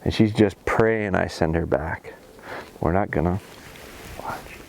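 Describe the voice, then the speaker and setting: A man's voice: unhurried, gravelly, a little hiss or hum. A man training his bird dogs in a snowy field, explaining each step between commands. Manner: calls dogs in a high excited voice, then explains calmly. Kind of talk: outdoor training commentary.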